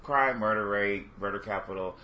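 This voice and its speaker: A man's voice: fairly low pitch, moderate pace, crowd noise. A man co-hosting a chat show, laid-back and chiming in with quips. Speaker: podcast co-host. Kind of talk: casual chat.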